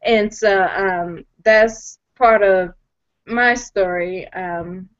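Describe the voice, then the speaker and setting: A woman in her twenties from Chicago, telling her personal story on an online call, hesitant with lots of "um"s and quick to joke about herself. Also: medium pitch, highs cut off. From Chicago, USA. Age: 20s. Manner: hesitant with many "um"s, self-joking. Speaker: guest panelist. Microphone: video call.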